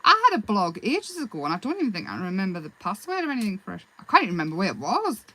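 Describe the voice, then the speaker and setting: A woman hosting a live craft demonstration, chatting in a relaxed, rambling way and answering viewers' comments as she works. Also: mid-range voice, rapid-fire, poor audio. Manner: relaxed, self-deprecating. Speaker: craft livestream host.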